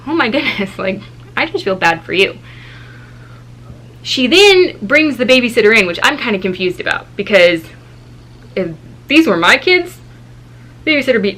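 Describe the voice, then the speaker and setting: Woman vlogger, bright tense voice, animated storytelling, quoting people, faint hum behind. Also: rough recording. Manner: animated, acts out quoted people with shifting pitch. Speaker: vlogger telling a story time. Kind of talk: casual storytelling.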